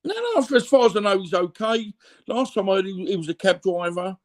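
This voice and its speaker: A man's voice: high voice, expressive, fairly quick. A middle-aged Cockney man telling blunt, rambling stories as an interview guest, full of fillers and repeats. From London, England. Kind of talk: candid conversational storytelling.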